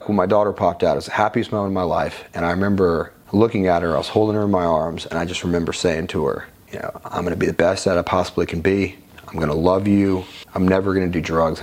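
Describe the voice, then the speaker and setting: Deep-voiced man telling his story. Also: steady tone, fast, a little mellow. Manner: frank, conversational, casually profane. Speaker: interview guest. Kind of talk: candid personal storytelling.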